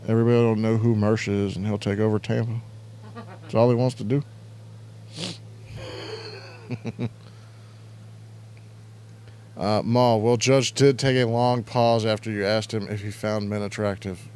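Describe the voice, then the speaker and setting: A man's voice: lowish voice, steady tone, unhurried, pauses often, a little mellow, slight background noise. A man hosting an internet radio show, chatting casually and crudely, rambling and reading out chat messages. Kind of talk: casual live-stream chat.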